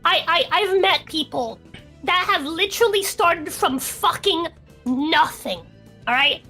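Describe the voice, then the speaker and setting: A woman's voice: extremely high pitch, expressive, unhurried, pushed and bright, soft background music. A young woman, drunk and swearing heavily, ranting on a casual streamed podcast as co-host.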